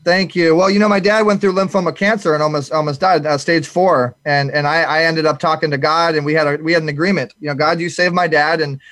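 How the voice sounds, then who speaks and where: A male talk show host who rambles along with restarts and fillers. His voice sits fairly high for a man. The sound is dry and close, with no room to it. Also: steady tone, fast talker, few pauses, a bit bright, no echo. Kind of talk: casual live talk show chat.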